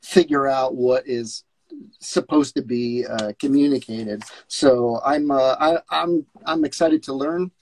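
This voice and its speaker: A man's voice: mid-range voice, a little slow, darkish tone, low-quality recording. A man co-hosting a livestream, talking casually and cracking jokes. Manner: casual, joking. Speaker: co-host. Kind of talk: livestream chat.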